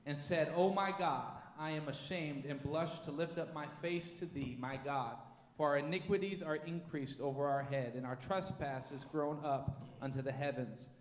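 A man reading scripture aloud in a church with a steady, measured delivery. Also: a little high, slight background noise. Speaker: scripture reader. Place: church sanctuary. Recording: echoey church hall with long reverb.

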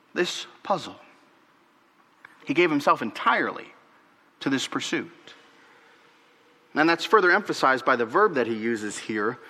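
Delivering a sermon with animated energy, this pastor repeats words and sways between forceful, emphatic peaks and quiet, almost whispered moments. A long reverb tail trails his voice.

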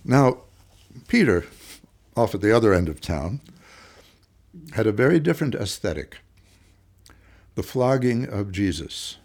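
A man who teaches theater remembering old productions in an interview, talking slowly and reflectively with halting fillers. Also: on the low side, big pitch swings, a little mellow. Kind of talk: interview reminiscence.

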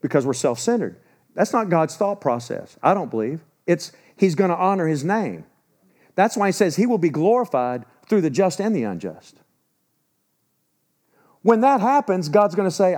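A man in his sixties preaching a sermon, emphatic, swinging between loud urgency and low, grave warnings. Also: very animated, normal speed. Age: 60s.

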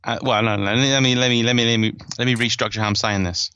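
Bright-voiced man rambling chattily. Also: medium pitch, fairly even intonation, fast, hardly any pauses, clean tone, dry recording, lo-fi sound. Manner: chatty, digressive, self-mocking with frequent laughs. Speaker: podcast host and author. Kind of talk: casual chat.

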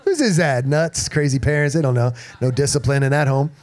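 A male pastor preaching a sermon to his congregation, energetic, repeating himself and calling out to the room. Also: mid-range voice, brisk. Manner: energetic preaching with repetitions and call-outs to the congregation. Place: church in front of a congregation.

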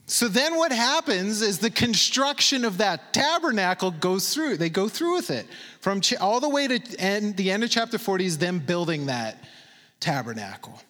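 A man preaching to a congregation, pitched high and swinging widely as he goes. He keeps firing questions at his listeners. His voice rings out with a long reverb from the hall. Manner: animated, asks the audience questions. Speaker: pastor. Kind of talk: sermon.

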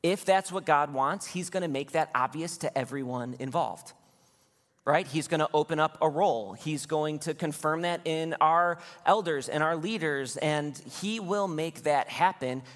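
Earnest pastor preaching in a hall. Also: male voice, fairly high pitch, a bit bright. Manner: earnest, exhorting, quick bursts. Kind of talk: sermon.

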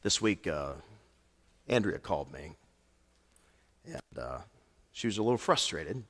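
A man preaching a sermon as pastor, telling stories and moving between hushed lines and animated ones. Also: low voice, unhurried. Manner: storytelling, swings from hushed to animated. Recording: long hall reverb.

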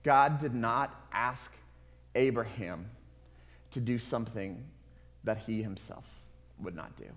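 A man preaching a sermon in an earnest, confessional way, moving from hushed to loud. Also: mid-range voice, slow pace, long pauses. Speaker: pastor. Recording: long hall reverb.

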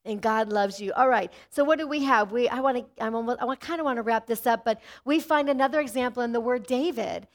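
Animated woman preaching a sermon. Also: a little high, fast talker, few pauses. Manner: animated preaching, often calling "amen". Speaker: pastor.

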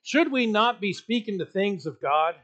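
A man preaching a sermon in a church, delivering it with rising emphasis and pauses. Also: high-pitched, lively intonation, fairly bright tone, lo-fi sound. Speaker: pastor.

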